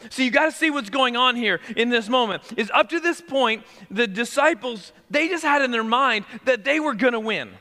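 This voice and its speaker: A man preaching a sermon as pastor, talking conversationally and sinking to a hushed near-whisper for emphasis. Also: extremely high pitch, animated, moderate pace, few pauses, long reverb tail.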